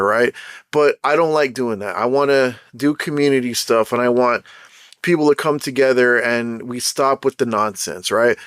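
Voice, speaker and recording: A man with a Jamaican accent hosting his own podcast, talking in a blunt, chatty, animated way full of slang. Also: mid-range voice, clean tone, no echo, clean studio sound. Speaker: podcast host. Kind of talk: casual solo podcast talk.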